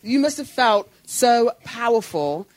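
High-voiced male interviewer. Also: sing-song, measured pace. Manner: affirming, short prompts.

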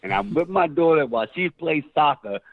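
A middle-aged man spins a story in an interview, casual and animated, jumping into other voices as he goes. His sound is dry and squeezed down to a tinny, phone-like band. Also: on the high side, fairly quick, no room sound. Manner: animated, acts out quoted voices loudly. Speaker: actor guest.

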